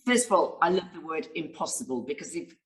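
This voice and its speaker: A woman's voice: low-pitched, expressive, quick pace, low-quality recording. A woman, a success coach, answering interview questions with enthusiastic storytelling and acted-out quotes. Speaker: guest speaker and success coach.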